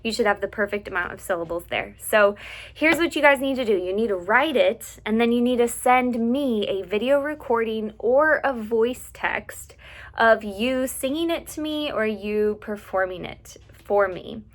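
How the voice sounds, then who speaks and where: A woman music teacher with a mid-range voice gives an instructional lesson, patiently explaining step by step. She slowly sings out syllables and solfege notes as examples for her students.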